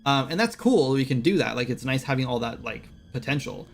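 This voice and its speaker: Fast-talking casual game-dev streamer man. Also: medium pitch, sing-song, soft background music. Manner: rambling, filler-heavy, many "like"s and "right?"s; quotes game characters in brief voices. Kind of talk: casual live-stream chat.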